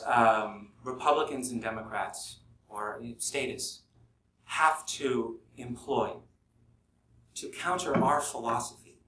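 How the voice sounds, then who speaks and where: A man's voice: medium pitch, pushed and bright. A man giving a live talk at a forum, earnest and thinking aloud with restarts. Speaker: podcast host giving a talk. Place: conference room at a forum. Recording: echoey room, distant mic, faint hiss.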